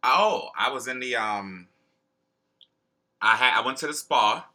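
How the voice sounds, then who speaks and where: Bright, blunt, teasing man. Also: mid-range voice, lively intonation, unhurried. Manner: blunt, teasing, profane banter. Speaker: podcast co-host. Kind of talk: casual chat.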